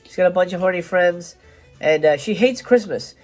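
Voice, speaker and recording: A man's voice: high voice, expressive, moderate pace, faint music behind. A man hosting a casual film review show, talking in a chatty, rambling way with lots of fillers and restarts.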